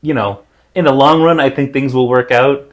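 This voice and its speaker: A man co-hosting a podcast in casual chat over drinks, talking in a measured, wry way with dry pushback, recorded on an indoor podcast set. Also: medium pitch, fairly even intonation. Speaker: podcast co-host.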